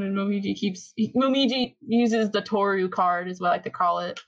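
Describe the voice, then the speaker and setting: A woman on a podcast, casually recapping episodes and acting out the characters' lines in an animated way. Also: mid-range voice, brisk, no room sound, dull audio. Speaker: podcast co-host.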